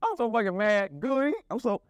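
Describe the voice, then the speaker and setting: A man's voice: sits high, expressive, fairly quick, smooth, dry recording. A man co-hosting a podcast, telling profane comedic stories full of put-on voices. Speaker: podcast co-host. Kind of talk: casual comedic chat.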